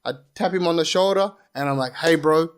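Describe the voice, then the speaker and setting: A young man, telling his story as a podcast guest in an animated, swearing way. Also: on the high side, quick pace. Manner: animated, swearing, repeats phrases. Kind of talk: casual storytelling.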